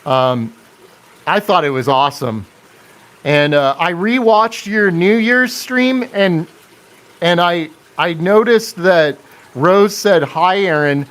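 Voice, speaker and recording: Slow-talking man hosting a live stream. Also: high voice, animated, a bit bright. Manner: chatty, reads and answers viewer comments, laughs often. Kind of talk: casual live stream chat.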